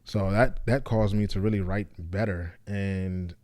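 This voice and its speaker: A man who is a stand-up comedian, talking casually to camera in a low, deep, monotone voice with loose fillers. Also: measured pace, no room sound, studio quality. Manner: loose, repeats himself with fillers like "you know what I'm saying".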